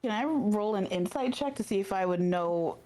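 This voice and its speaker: A woman's voice: medium pitch, lively intonation, normal speed, mellow. A woman playing in a tabletop game, talking casually and hesitantly with self-mocking asides. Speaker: player.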